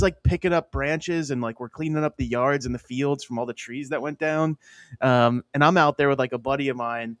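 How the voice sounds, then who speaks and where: A man's voice: medium pitch, dry recording. Male co-host from Pennsylvania, loose rambling teller, frequent laughter, dead-dry recording. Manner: rambling storyteller, laughs often. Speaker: podcast co-host. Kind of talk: casual podcast banter.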